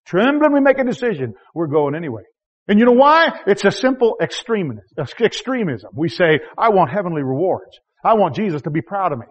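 A man preaching a sermon in a folksy, self-deprecating way, with rhetorical questions, swinging from loud, high exhortation to quiet, low asides. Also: big pitch swings, normal speed, muffled recording.

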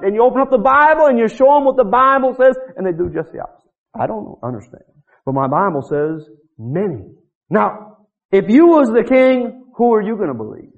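A man's voice: high-pitched, sing-song, a little fast. A man preaching a sermon, telling stories with animation and acting out the voices of the people in them. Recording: muffled lo-fi recording.

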